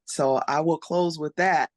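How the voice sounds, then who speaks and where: An earnest conference speaker, voice type uncertain, sharing reflections in a heartfelt panel talk. The delivery is mid-pitched and thoughtful, with pauses and small restarts. The recording is dry and close. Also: fairly even intonation, dry recording.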